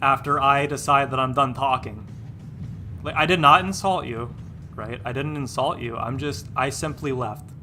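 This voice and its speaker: A man's voice: medium pitch, normal speed, pushed and bright, faint music behind. A man live-streaming a game, chatting casually and rambling, restarting his words and sounding exasperated and dismissive.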